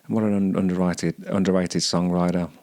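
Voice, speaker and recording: Deep male podcast host, hesitant and musing, dry close sound. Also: flat delivery, a little fast, a little mellow, no room sound. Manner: hesitant, searching for words, many restarts. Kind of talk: musing commentary on song lyrics.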